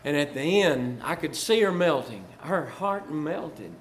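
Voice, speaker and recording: Slow, folksy older pastor. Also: male voice, on the high side, animated, slight background noise. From Virginia. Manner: folksy, chuckling, rising to fervor. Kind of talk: storytelling testimony.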